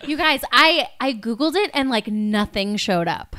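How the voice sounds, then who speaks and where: A woman co-hosting a podcast, chatting casually and telling stories in an animated, giggly way. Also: a little high, normal speed. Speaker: podcast co-host. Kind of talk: casual chat.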